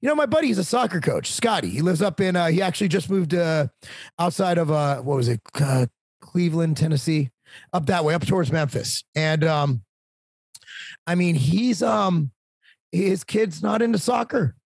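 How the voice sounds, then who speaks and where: A talkative man in his forties, a podcast guest, telling animated, casual stories about parenting and sometimes swearing. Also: fairly high pitch, normal speed, creaky, breathy edge, no room sound. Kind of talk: casual storytelling.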